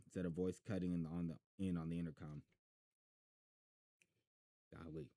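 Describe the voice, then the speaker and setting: A man's voice: low-pitched, normal speed, dark tone, no room sound. A man reading a novel aloud in a casual live stream, stumbling and restarting often and chatting to listeners between passages. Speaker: amateur reader of a novel.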